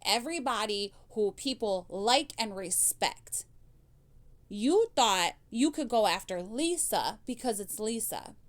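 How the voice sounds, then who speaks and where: A woman's voice: a little high, expressive, slow pace. A woman hosting a reaction commentary channel, blunt and scolding, swearing freely as she answers clips.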